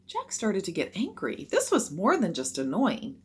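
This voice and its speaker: A woman reading a children's chapter book aloud with expressive narration. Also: medium pitch, normal speed, husky.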